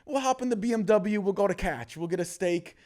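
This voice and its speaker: Speaking a little fast in a high voice, this man hosts a podcast, swapping stories casually with frequent laughs and many fillers along the way.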